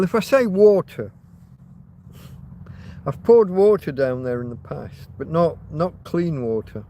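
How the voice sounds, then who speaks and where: A man's voice: fairly high pitch, a little mellow, a little hiss or hum. Rambling man on a livestream. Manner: rambling, trails off and restarts, chats to viewers. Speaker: livestream host. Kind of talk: casual rambling livestream chat.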